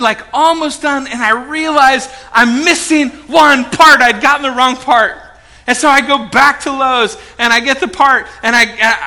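A pastor stands before his congregation and tells a story in lively sermon fashion, acting out every quote. His voice sits high for a man and sounds very bright and sharp. He drops to near hushed tones, then bursts out loud again. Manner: animated storytelling, acts out quotes, swings loud and soft. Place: church hall before a congregation.

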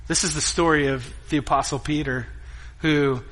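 A middle-aged man preaching a sermon as a pastor, telling stories in an animated way and acting out scenes. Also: a little high, moderate pace. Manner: animated storytelling, acts out scenes. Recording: echoey hall with guitar music behind.

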